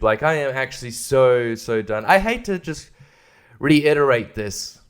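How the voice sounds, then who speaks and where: A man's voice: mid-range voice, lively intonation, a little slow, clean tone. A man hosting his own podcast, ranting angrily and profanely, with mocking quoted voices. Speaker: podcast host. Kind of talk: angry comedic rant.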